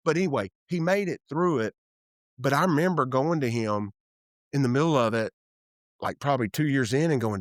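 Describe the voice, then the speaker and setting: Recorded dry and at studio quality in an office room, this man in his fifties from Tennessee talks at a normal speed in a mid-range voice. He's a real estate developer appearing as an interview guest, candidly recounting stories, performing the voices of those he quotes, and often trailing off and restarting.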